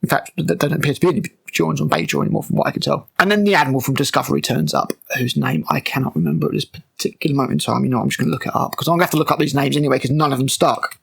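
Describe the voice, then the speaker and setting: A man's voice: on the high side, very fast, vocal fry, few pauses, a bit bright, husky. A man recapping and tearing apart a TV episode with sarcastic, exasperated commentary and frequent swearing. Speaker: show reviewer.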